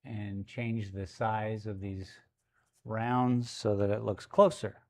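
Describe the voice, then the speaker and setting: A man talks casually on a live stream as he paints in a gallery studio. His delivery is slow and unhurried, loose and playful, and he breaks off now and then to tease his puppy. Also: fairly low pitch, level tone.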